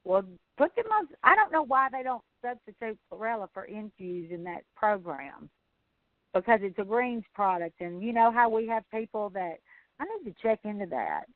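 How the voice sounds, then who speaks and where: A woman's voice: mid-range voice, very animated, normal speed, no room sound. A woman, hosting a sales training call in casual, rambling, folksy chat. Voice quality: chatty, rambling, folksy storyteller. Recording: tinny phone line.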